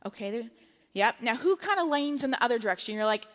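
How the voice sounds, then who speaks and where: A woman preaching in a light, conversational style, often checking in with her listeners. Her voice sits high. The sound rings with long reverb, as in a large hall. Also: expressive, fast talker, a bit bright. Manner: chatty and humorous, tags lines with "okay?" and "right?". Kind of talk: conversational sermon. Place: church sanctuary, live service.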